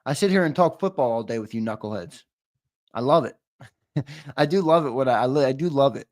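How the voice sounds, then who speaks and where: A man hosting a livestream, teasing and swearing in loud, casual banter with his viewers. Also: medium pitch, expressive, brisk. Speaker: host.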